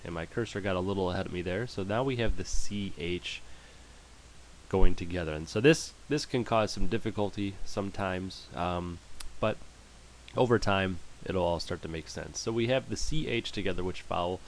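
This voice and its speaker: Deep voiced guy slowly teaching german vowels over slides, says every word twice, light hiss. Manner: slow, patient, repeats words for practice. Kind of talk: screen-share language lesson.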